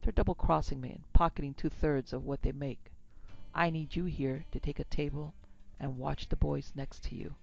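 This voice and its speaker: Man playing a big genial saloon owner, hearty and pushy, gravelly tone, slightly muffled recording, faint music behind. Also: on the high side, steady tone, moderate pace. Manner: hearty, coaxing frontier talk.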